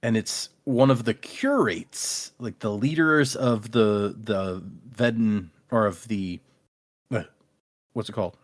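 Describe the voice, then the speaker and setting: A man's voice: fairly low pitch, takes it slowly. A man co-hosting a casual book chat, rambling through a recap of the chapters and acting out quotes. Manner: rambling storyteller, acts out quotes. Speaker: podcast co-host.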